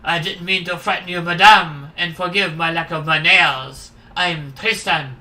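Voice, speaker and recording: A streamer voicing a polite male vampire bartender with a put-on French accent, slow and formal. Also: medium pitch, fairly even intonation, pushed and bright. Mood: courtly. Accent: fake French. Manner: courteous, formal and measured. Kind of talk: game dialogue read aloud by a streamer.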